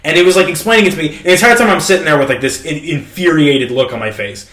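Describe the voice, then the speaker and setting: A man in his twenties hosting a podcast, retelling a story in heated, animated casual chat and swearing constantly. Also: a little high, quick pace. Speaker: podcast host. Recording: roomy echo.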